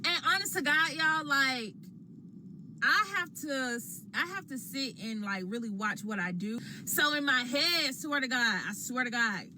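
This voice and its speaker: A woman telling what happened to her in a slangy, expressive way, talking while she eats. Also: high voice, a little slow, a little hiss or hum. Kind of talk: animated storytelling to a phone camera.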